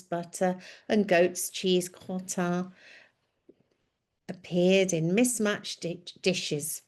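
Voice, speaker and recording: A woman telling a story in a scripted narration, reading in a gentle, descriptive way. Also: on the low side.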